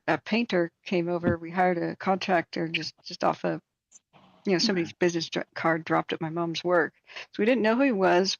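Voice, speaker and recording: Low-voiced woman telling rambling stories. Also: dry recording, muffled recording. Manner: rambling, animated anecdotes with many fillers. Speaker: host of a live stream. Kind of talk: casual chat and storytelling.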